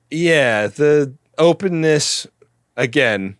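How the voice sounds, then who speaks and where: A man's voice: on the high side, no echo, studio quality. Wry male podcast co-host. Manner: wry, laughs along, curious asides. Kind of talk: casual comedic chat.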